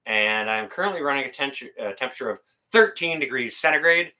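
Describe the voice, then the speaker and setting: In a medium-pitched voice that's expressive, bright and forceful, a middle-aged Canadian man talks a little fast while hosting a casual livestream. He goes through viewer comments, rambling, joking, laughing at chat, and swearing mildly.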